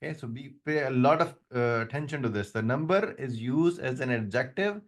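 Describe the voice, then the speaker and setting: A man's voice: mid-range voice, expressive, brisk. Man teaching Arabic grammar to a class. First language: not English; another language first. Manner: explains patiently, many restarts and fillers. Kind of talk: online class lecture.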